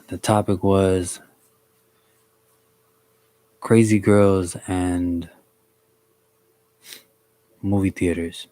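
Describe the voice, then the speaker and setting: A young man from the DC, Maryland and Virginia area telling a story on a live stream in a relaxed, slangy way, greeting viewers by name. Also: sits low, drawn-out words, pauses often, dry recording. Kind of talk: casual storytelling on a livestream.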